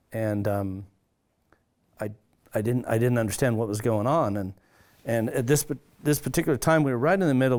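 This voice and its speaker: A man's voice: mid-range voice, a little mellow. A man, a pastor, earnestly recounting his own story, with frequent restarts and livelier tones when quoting others. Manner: earnest, halting, with many restarts. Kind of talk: personal testimony storytelling.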